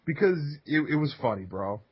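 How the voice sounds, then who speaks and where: A man's voice: mid-range voice, sing-song, brisk, husky. Laid-back swearing podcast guy, lo-fi. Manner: laid-back, swears a lot, laughs while telling stories. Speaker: podcast co-host. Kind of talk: casual chat. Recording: dull lo-fi podcast audio.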